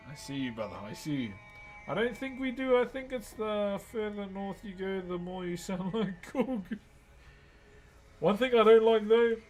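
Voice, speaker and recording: A man's voice: fairly high pitch, darkish tone. A man, chatting casually on a live stream and thanking viewers as he works. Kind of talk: casual live-stream chat while working.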